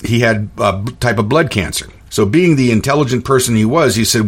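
A man's voice: mid-range voice, brisk, hardly any pauses. Indignant ranting man. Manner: indignant, repetitive, stammering restarts. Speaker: podcast host and store owner. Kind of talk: ranting monologue.

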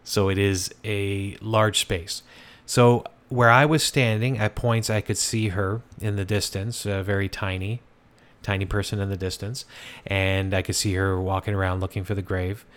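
A man with a fairly low voice tells a ghost story in a loose, conversational way. He stops and restarts often and fills the gaps with "uh" and "kinda". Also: normal speed. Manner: relaxed, conversational, many fillers and restarts. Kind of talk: casual storytelling.

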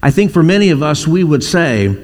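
A man's voice: a little high, very animated, brisk, darkish tone, long reverb tail. A male pastor preaching a sermon, telling stories and acting out the quoted voices in them.

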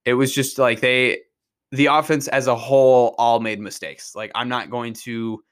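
A man hosting a sports podcast, rambling excitedly through football analysis with frequent restarts. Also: medium pitch, normal speed, clean tone. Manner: rambling, restarts often, excitable about plays. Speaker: podcast host.

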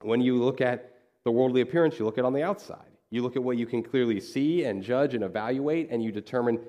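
This pastor's mid-range, mellow voice moves fairly quickly as he preaches in church. His sermon is conversational, built around a story in which he performs each character's lines.

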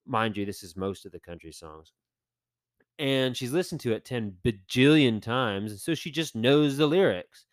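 A man co-hosting a podcast, telling animated, rambling stories in casual chat with lots of fillers. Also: medium pitch, normal speed, no room sound, clean studio sound. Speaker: podcast co-host.

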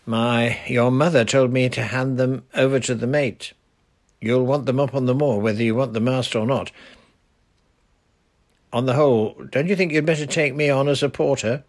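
A man's voice: mid-range voice, steady tone, normal speed, voice pushed up, close to an everyday voice. A man voicing a kind, stout grown-up uncle in a storybook reading, jovial and teasing.

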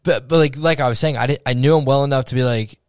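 A man's voice: medium pitch, quick pace, clear, resonant tone, dry recording, clean studio sound. Young man telling a wild story. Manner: animated storyteller, swearing, acts out quotes. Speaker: podcast co-host. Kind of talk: casual chat.

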